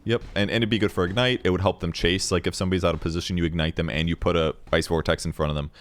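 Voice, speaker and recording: A man's voice: low-pitched, fairly even intonation, racing, no echo. A man giving casual, analytical color commentary on an esports match, explaining builds. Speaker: host and analyst caster.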